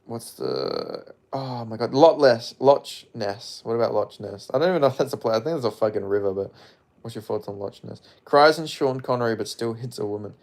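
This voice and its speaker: He's a Perth local with an Australian accent, his medium-pitched voice fairly quick and a touch mellow. On his live stream he reads chat in a loose, jokey way, rambling, swearing without restraint, and mumbling side comments.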